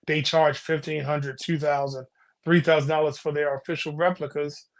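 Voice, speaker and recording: A man's voice: on the high side, flat delivery, moderate pace. A man co-hosting a casual podcast chat, explaining his views earnestly and often breaking off mid-sentence. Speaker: podcast co-host.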